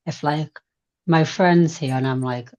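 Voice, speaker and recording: Low-voiced woman on a dull call. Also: unhurried, a little mellow. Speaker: group participant. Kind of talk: casual group call. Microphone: video call.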